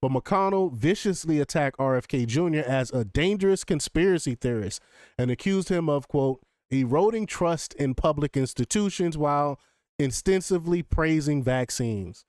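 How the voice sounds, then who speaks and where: Guy doing political commentary, excitable, lots of ums, smooth voice, dry close mic. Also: fairly high pitch, normal speed, dry recording. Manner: chatty and excitable, laughs often, many fillers.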